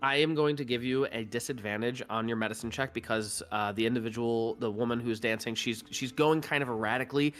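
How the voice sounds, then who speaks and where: A man's voice: medium pitch, brisk, hardly any pauses. A man running a tabletop role-playing game as dungeon master, narrating loosely with many fillers. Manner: relaxed, filler-heavy improvising.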